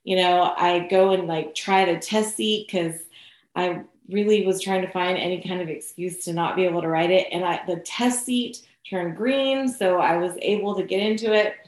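A woman's voice: on the low side, fairly even intonation, normal speed. A woman telling a personal story in casual chat, full of "like" and "you know". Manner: chatty, lots of "like" and "you know". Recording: echoey room.

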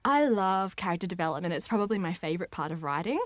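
A woman's voice: on the low side, quick pace, dry recording. Bubbly young woman author. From Australia. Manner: bubbly, laughs often, lively asides. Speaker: author being interviewed. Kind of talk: casual interview answers. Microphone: studio microphone.

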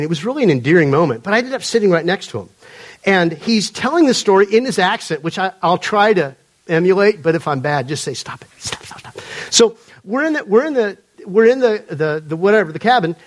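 High-voiced preacher telling stories. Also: male voice, animated, fast. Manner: conversational, humorous storytelling. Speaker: pastor. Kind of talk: sermon. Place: church before a live congregation.

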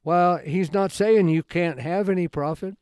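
A man giving an informal Bible study talk in a folksy, rambling way, halting often and restarting his sentences. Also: high voice, darkish tone, clear, resonant tone, no room sound, clean studio sound. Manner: folksy, conversational storytelling. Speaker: Bible teacher.

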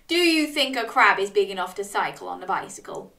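A woman reads a picture book aloud and chats warmly to young children between pages. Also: mid-range voice, fairly quick, recorded from a distance. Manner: lively, animated, talks directly to young listeners. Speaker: children's storyteller.

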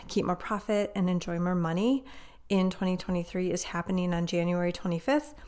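A woman's voice: lowish voice, smooth. A woman hosting a podcast as a financial coach, talking in a chatty, upbeat way, a little out of breath. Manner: upbeat, chatty, uses "right?" often. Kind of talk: solo podcast talk.

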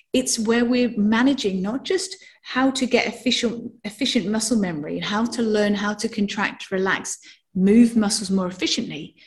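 A middle-aged woman teaching a somatic movement workshop, talking in a lively way, acting out little sighs and asking the listeners questions. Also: mid-range voice. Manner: animated, acts out sounds and asks listeners questions.

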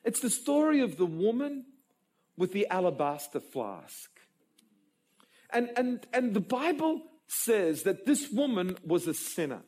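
Male preacher, emotional storyteller, lively pitch, breathy tone. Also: a little slow. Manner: emotional, animated storytelling with repeated stammered restarts. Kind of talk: sermon.

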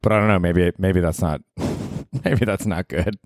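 A man's voice: deep voice, a little slow, a little mellow, no echo, clean studio sound. A man in his forties hosting a casual solo podcast, rambling and profane with a self-mocking streak. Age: 40s. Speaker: podcast host. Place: apartment.

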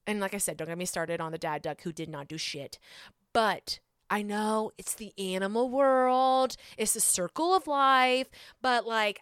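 A young adult woman hosting a podcast, telling a story in a casual, self-mocking, animated way. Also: mid-range voice, normal speed, smooth, dry recording, clean studio sound. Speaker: podcast host. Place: Atlanta.

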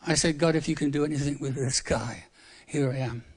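A man's voice: fairly high pitch, brisk, breathy edge. A seventy-five-year-old man from England giving a humorous, conversational sermon in church, repeating words for emphasis. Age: 70s. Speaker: preacher.

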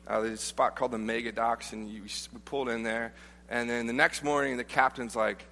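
Male preacher, bright tense voice, joking storyteller style, long church-hall reverb. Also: mid-range voice, fairly even intonation, fairly quick, gravelly. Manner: humorous, informal, frequent restarts. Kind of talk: conversational sermon with storytelling. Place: church auditorium.

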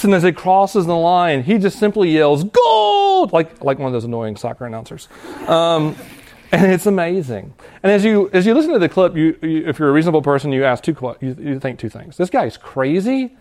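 A man's voice: a little high, a little mellow. Earnest man preaching to students. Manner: earnest, conversational preaching with restarts and quick laughs. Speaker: pastor. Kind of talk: sermon.

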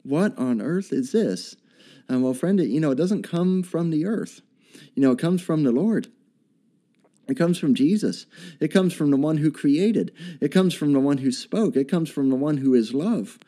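A man's voice: a little high, expressive, moderate pace, dark tone. A man preaching a sermon in an earnest, repetitive way, with many fillers and restarts.

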